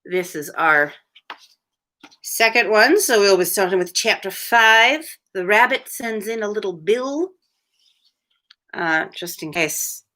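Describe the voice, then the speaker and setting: Lively bright-voiced woman reading aloud. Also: mid-range voice, slow, long pauses. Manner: chatty, laughs at her own asides. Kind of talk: casual read-aloud with commentary.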